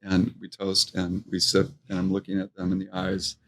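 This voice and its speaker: A middle-aged man telling stories from his restaurant career in a casual interview, animated and quoting people as he goes. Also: sits low, normal speed. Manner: animated anecdote-telling, acts out quotes. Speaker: restaurant co-owner, guest.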